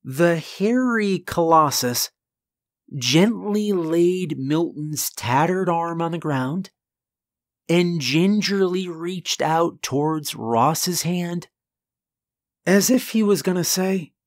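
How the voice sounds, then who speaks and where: A man narrating a first-person horror story in a deliberate, earnest manner with dramatic pauses. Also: fairly high pitch, no echo, clean studio sound.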